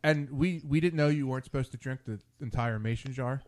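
A man's voice: medium pitch, fairly quick, a crowd in the background. A man hosting a casual late-night talk show, rambling off on tangents with many restarts. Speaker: podcast host.

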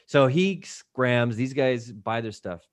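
A man on a podcast as a guest, telling a lively, casual anecdote full of swearing and acted-out voices. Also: mid-range voice, slow, no echo. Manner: lively anecdote telling, acting out quoted people; frequent swearing. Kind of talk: casual storytelling.

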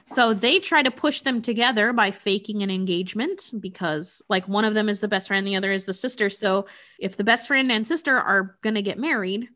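A woman with a bright, forceful voice recaps a film's story in casual conversation. She talks in a loose, chatty way, piles on "like" and lets the odd swear word slip. Her pitch sits in an ordinary middle range. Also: a little fast. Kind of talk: casual chat, retelling a film plot.

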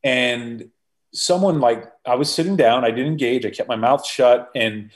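A man as a podcast guest, telling stories in a conversational way, animated and full of restarts. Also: mid-range voice, moderate pace. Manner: animated storyteller, frequent restarts. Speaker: podcast guest, former football executive. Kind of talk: conversational interview storytelling.

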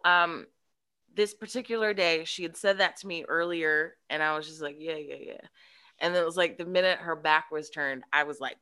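A woman, a podcast guest, telling a childhood story in casual chat and acting out the voices in it. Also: low-pitched. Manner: animated, acts out voices in her story.

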